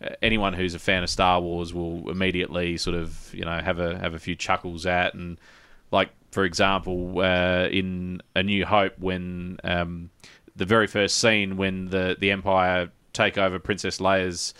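A man's voice: deep voice, little pitch movement, a little slow, bright, forceful tone, clean tone, no echo. A man hosting a casual gaming podcast, rambling with many restarts and fillers. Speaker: podcast host. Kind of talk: casual chat.

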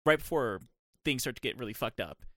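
Young male podcast co-host, rapid casual delivery, dry close sound. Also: medium pitch, expressive, sharp tone, no echo. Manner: rambling, many "like" fillers. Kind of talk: casual chat.

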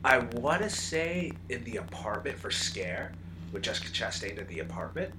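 A man co-hosting a home podcast, talking through a movie in a loose, animated way. He jumps into bits of acted-out scenes mid-sentence. The recording carries clear background noise. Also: medium pitch, moderate pace. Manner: animated, acts out scenes in bursts. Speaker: podcast co-host. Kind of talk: casual movie review chat.

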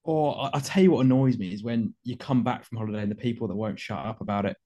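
A man's voice: mid-range voice, quick pace, warm tone. A man, a podcast guest who gives strong opinions and stumbles over repeated words. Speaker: returning guest. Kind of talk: casual football podcast chat.

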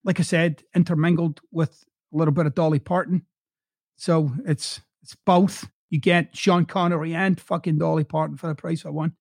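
A man with a softened Glasgow Scottish accent hosts a podcast, coaching listeners in a blunt, direct way and swearing freely. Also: on the high side, steady tone, normal speed, no room sound, clean studio sound. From Scotland. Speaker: podcast host. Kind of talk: motivational podcast monologue.

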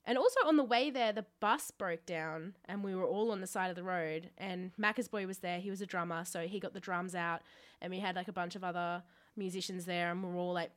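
A young Australian woman co-hosting a podcast, telling a story about herself in casual chat, self-mocking and quick to swear. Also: lowish voice. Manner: self-mocking, laughs often, swears freely. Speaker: podcast co-host.

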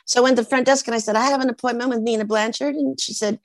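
An older woman from Portland, a guest in an interview, telling a lively story and acting out the lines of the people in it. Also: fairly high pitch, fast, dry recording. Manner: lively anecdotes with acted-out quotes.

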